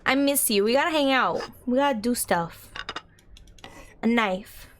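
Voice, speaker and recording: A young woman's slightly raised voice chatters over her gameplay. She is bubbly and giggly, reading game text aloud and gushing warmly at her viewers in an easy, casual way. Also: a little high, unhurried. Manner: bubbly, giggly, gushes at chat. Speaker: streamer.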